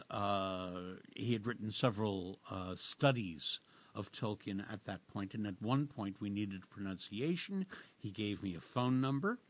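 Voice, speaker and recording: A man hosting a radio show, chatting casually in a halting, rambling way with lots of fillers and restarts. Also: on the low side. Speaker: radio host. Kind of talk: casual radio interview chat.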